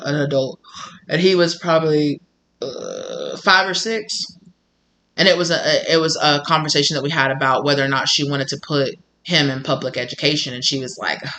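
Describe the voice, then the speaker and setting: A man's voice: a little high, pushed and bright. A man with a Southern US country accent talking casually as a channel host, rambling and repeating himself while acting out quoted conversations. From Southern United States. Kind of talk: casual personal monologue.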